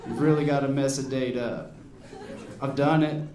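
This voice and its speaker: A man's voice: mid-range voice, steady tone, normal speed, far from the mic, very noisy. A man in his thirties doing a stand-up set on a club stage, rambling along with lots of "you know"s. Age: 30s. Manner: laid-back rambling delivery with many "you know"s. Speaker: stand-up comedian. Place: comedy club stage with audience. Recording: roomy club recording with crowd laughter. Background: audience laughing.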